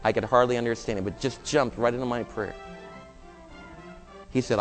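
A man's voice: mid-range voice, a little fast, long reverb tail, faint music behind. A man preaching a sermon, reading scripture and telling a personal story in an earnest way. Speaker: pastor.

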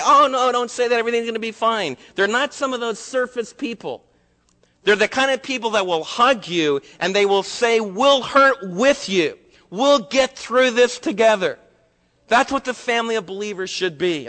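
A man preaching a sermon in an earnest manner, shifting between loud emphatic passages and hushed low ones. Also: in a large hall.

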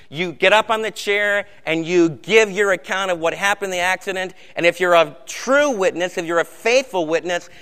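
A man's voice: high-pitched, sharp tone, clear, resonant tone. A man preaching a sermon as pastor, conversational, with rhetorical questions to the congregation. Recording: hall reverb.

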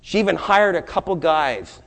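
A man who is a pastor delivering a sermon, moving from loud, urgent preaching to hushed, low storytelling. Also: lively intonation, normal speed, big-room sound.

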